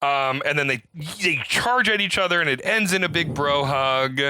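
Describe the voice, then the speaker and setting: A man's voice: normal speed, a little hiss or hum. A man casually recapping a film scene by scene, acting out the characters' lines. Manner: animated retelling, acting out quotes with rising pitch. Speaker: podcast co-host. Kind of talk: casual movie recap chat.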